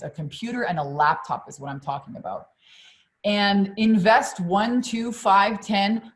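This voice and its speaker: Fired-up woman coach swearing freely. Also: lowish voice. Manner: energetic, profane, keeps addressing the audience. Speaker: business coach. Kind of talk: live stream coaching pitch.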